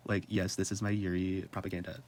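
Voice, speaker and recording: A young man presenting in a casual, comedic way, animated and slangy, laughing mid-sentence. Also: deep voice, fast.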